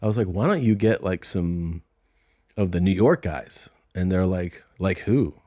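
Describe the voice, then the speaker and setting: A man's voice: low-pitched, unhurried, dark tone, dry recording, clean studio sound. A middle-aged man hosting a podcast, telling a story in casual chat and acting out the people in it. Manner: laid-back anecdote telling, acting out quoted exchanges. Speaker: podcast host and comedian. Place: podcast studio. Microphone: studio microphone.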